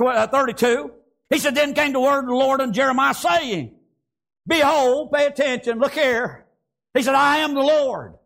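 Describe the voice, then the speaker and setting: A man preaching a fervent sermon, his voice pitched very high. A gravelly rasp runs through his words. He keeps throwing out "praise God" and calls for an amen. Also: a bit bright. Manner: fervent, repeats praise phrases and call-and-response "Amen?".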